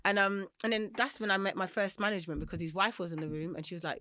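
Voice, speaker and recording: A woman's voice: mid-range voice, dry recording, clean studio sound. A middle-aged woman with a London accent, telling her life story in a candid, rambling interview and laughing easily. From Germany and South London. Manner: rambling, animated, quick to laugh. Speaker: singer-songwriter guest.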